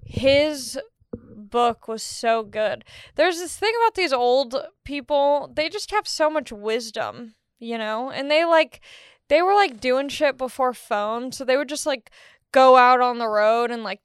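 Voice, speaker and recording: A woman's voice: high voice, normal speed, clear, resonant tone, no room sound, clean studio sound. A young woman hosting her own podcast, talking in a rambling, jokey, self-deprecating monologue. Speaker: podcast host. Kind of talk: casual monologue.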